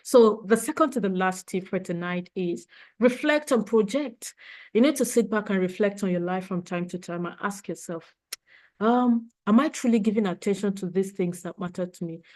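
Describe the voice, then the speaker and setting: Woman trainer, middle pitch, earnest and heartfelt, presses her points with repetition in a motivational session. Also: moderate pace, darkish tone. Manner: earnest, emotional, repeats points for emphasis. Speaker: leadership trainer.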